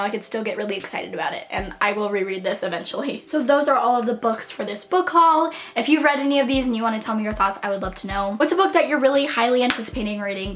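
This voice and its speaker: A woman's voice: medium pitch, a bit bright. A woman in her twenties chatting casually and enthusiastically about her new books, with lots of fillers. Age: 20s. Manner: enthusiastic, gushing, filler-heavy. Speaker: book vlogger. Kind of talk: casual book haul chat.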